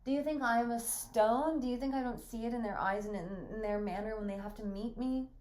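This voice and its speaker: A woman's voice: fairly high pitch, steady tone, a little fast, a little mellow, a little hiss or hum, close to an everyday voice. Woman reader voicing a proud, bitter young wife, defiant and hurt, for a read-through of a stage play. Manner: bitter and defiant, rising to anger. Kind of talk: reading a stage play aloud.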